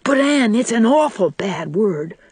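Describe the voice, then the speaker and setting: Woman doing a small earnest boy, high quick pleading voice, dry close sound. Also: very animated, a little mellow, husky, dry recording, full character voice.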